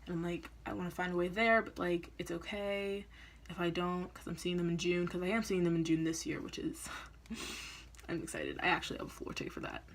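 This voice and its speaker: A woman's voice: on the low side, steady tone, brisk. A young woman vlogger telling a story in a casual, chatty way, often laughing and acting out what people said. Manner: chatty, laughing, acts out quoted lines.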